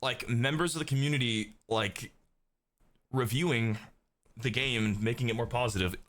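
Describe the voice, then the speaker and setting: A man streaming who is a little sick and raspy, talking casually and with frustration, swearing and building into heated rants. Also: mid-range voice, normal speed, a bit bright.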